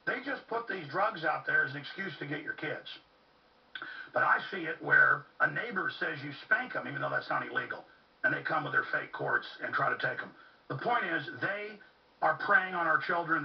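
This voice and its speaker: A man with a rather high, gravelly voice rants fervently as a talk radio host, hammering his points with urgent repetition. He sounds set back from the microphone, and the recording comes across muffled and lo-fi. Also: recorded from a distance. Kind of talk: impassioned monologue.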